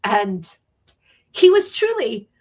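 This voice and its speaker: A woman's voice: fairly high pitch, sing-song, slow, darkish tone. A woman hosting a podcast, telling stories in a bubbly way, laughing often and breaking into sing-song exclamations. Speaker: podcast host. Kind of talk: storytelling chat.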